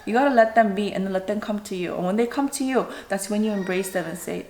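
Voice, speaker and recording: A woman mukbang vlogger and mother chatting casually to camera, rambling with quick asides. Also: mid-range voice, lively intonation, darkish tone, roomy sound. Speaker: mother of a young child.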